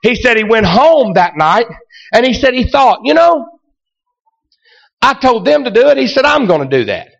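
A man preaching a sermon, telling a story that builds to shouted exclamations. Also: very high-pitched, big pitch swings, normal speed, vocal fry, pauses often, muffled recording. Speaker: pastor.

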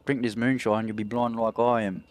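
A man's voice: medium pitch, flat delivery, normal speed, natural voice. A man doing a sloppy drunk Aussie bloke. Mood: rowdy. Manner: slurred, swearing constantly, loud and brash. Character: drunk rowdy Australian man on community service.

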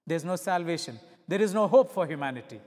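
A middle-aged male visiting pastor preaching a sermon, moving between loud emphatic peaks and hushed low passages and asking his listeners rhetorical questions. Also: animated, fast. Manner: asks the congregation rhetorical questions. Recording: long hall reverb.

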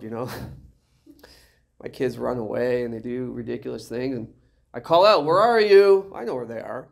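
A male pastor preaching an animated sermon, full of jokes and rhetorical questions. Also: medium pitch.

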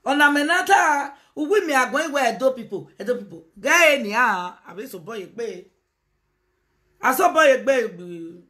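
A woman's voice: sits high, normal speed. A Nigerian woman hosting a casual live video, talking to her viewers and slipping into Pidgin. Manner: animated, switches into Pidgin, calls out to viewers. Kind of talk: casual live-stream talk.

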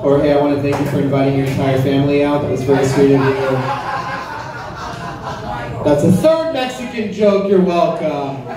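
A man's voice: a little high, normal speed. A man performing a stand-up comedy set at a club, crude and conversational, teasing the audience. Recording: roomy club sound from far off, crowd audible. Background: audience laughter.

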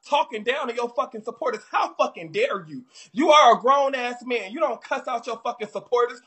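A woman hosting a live stream who delivers a loud, profane roasting rant from home, closing almost every line with an insult. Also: fairly high pitch, husky.

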